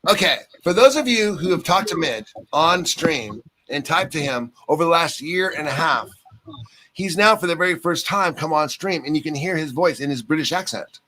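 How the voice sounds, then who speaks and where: A man's voice: fairly high pitch, expressive, moderate pace, poor audio. A man hosting a live stream, chatting casually in an effusive, repetitive way. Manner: effusive, repetitive, warm-hearted. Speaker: stream host. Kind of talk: casual chat.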